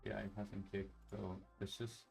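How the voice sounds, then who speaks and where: A man casually walking through a software demo on screen, thinking aloud with many fillers and restarts. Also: on the low side, level tone, measured pace, vocal fry, soft background music, low-quality recording. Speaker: software developer demoing his project. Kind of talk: casual screen-share walkthrough.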